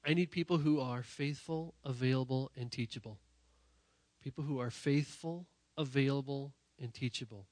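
A man preaching a sermon to young people in a church, talking while sick, emphatic and direct, often repeating phrases and swinging from loud to quiet. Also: mid-range voice, normal speed, dry recording. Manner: emphatic, rising to near-shouting then dropping quiet; repetitive, direct address to the audience. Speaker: youth pastor.

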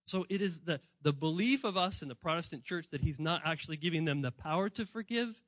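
Bright high-voiced male pastor preaching. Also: expressive, brisk, few pauses, no echo, rough recording. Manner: conversational preaching, acting out voices of people he quotes; swings between hushed and emphatic. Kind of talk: sermon.

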